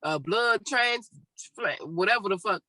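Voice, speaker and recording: A podcast co-host telling stories in casual, profane chat, with a sore throat after surgery. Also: female voice, mid-range voice, a little slow, rough recording. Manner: profane, animated storytelling.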